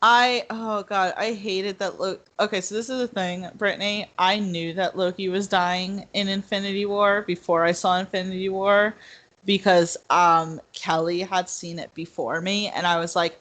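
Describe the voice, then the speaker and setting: A woman co-hosting a podcast in casual chat, animated, laughing often and acting out quotes. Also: medium pitch, moderate pace. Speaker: podcast co-host.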